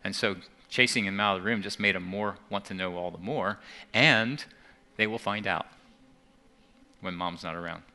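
A man's voice: deep voice, moderate pace, long pauses, sharp tone. A man giving an earnest talk to a church audience, often restarting and repeating words. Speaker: seminar speaker.

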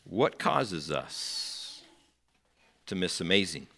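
Male preacher, animated storyteller who acts out quotes, bright edge to the voice. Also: deep voice, slow pace, vocal fry. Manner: conversational asides to the congregation. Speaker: pastor. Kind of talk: sermon.

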